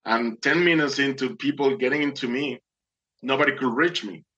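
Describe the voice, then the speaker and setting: A man's voice: medium pitch, moderate pace, a bit bright, dull audio. Earnest man telling a testimony. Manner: earnest, dramatic, acts out voices. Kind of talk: personal testimony storytelling.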